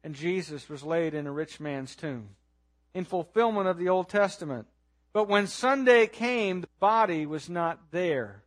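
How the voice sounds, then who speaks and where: A man preaching a storytelling sermon, dramatic, dropping to a hush and rising to loud stresses as he asks listeners to imagine the scene. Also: high voice, expressive, unhurried. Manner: dramatic, swings from hushed to loud.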